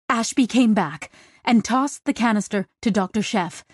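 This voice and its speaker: Woman, audiobook narration, slow, even, dry studio sound. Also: fairly high pitch, no room sound. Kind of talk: scripted narration.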